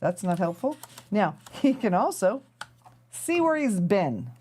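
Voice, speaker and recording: A woman's voice: medium pitch, sing-song, takes it slowly, dark tone, a little hiss or hum. A woman hosting a live stream, chatting casually and rambling to her viewers as she thinks aloud while tinkering. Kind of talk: casual chat to a live audience.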